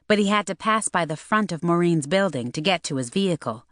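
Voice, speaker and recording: A woman narrating an audiobook in a steady, even reading voice. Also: on the low side, brisk, no room sound, clean studio sound. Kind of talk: scripted narration.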